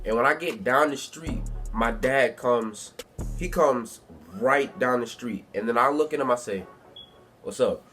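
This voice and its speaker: A man's voice: mid-range voice, a little slow, a bit bright, faint music behind. A young man telling a story from his life in a casual, rambling way at home, full of slang and filler phrases. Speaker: youtuber. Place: bedroom at home.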